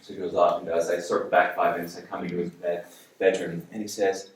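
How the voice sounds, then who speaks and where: Middle-aged guy telling an animated story at a talk, lowish voice, echoey room. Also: quick pace. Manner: animated, anecdotal, acts out dialogue. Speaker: speaker and coach. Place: lecture room. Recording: roomy hall, distant mic.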